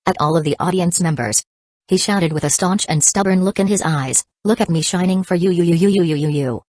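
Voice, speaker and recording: A woman reads a dramatic novel aloud as an audiobook narrator. Her voice sits low and the recording is dry and close, with no room sound. She keeps a steady, even narrating pace. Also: no room sound. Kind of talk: scripted narration.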